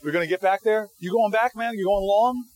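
A man speaking to an audience as guest speaker, answering questions as an animated storyteller who restarts often and acts out the people he quotes. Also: high voice, a little fast, rough recording.

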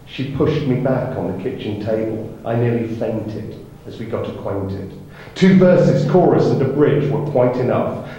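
A man's voice: medium pitch, mellow, dull audio. Man reading aloud in a roomy hall. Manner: reads a passage, then sings his song. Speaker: author and songwriter guest. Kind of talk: reading from his book on stage.

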